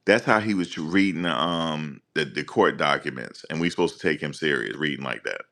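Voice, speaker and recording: Low-voiced man ranting on a live stream. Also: a little fast. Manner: animated, teasing, talks straight to viewers. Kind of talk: casual live-stream rant.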